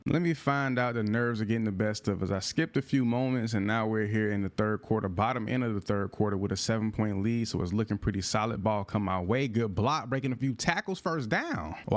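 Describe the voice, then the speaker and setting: A man giving casual, slangy gameplay commentary, reacting loudly to plays, his voice going in and out. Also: fairly low pitch. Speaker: gaming YouTuber.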